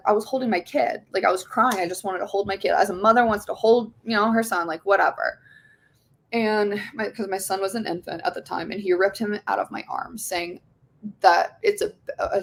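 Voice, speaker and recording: A young woman, an interview guest, telling her own story in a rambling, emotional way, with frequent swearing and restarts. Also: mid-range voice. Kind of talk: candid personal testimony.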